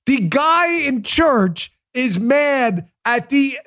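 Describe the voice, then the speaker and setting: A man's voice: very high voice, fairly bright tone. A man hosting a political commentary show, ranting in a heated, mocking way and breaking into laughter. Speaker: podcast host.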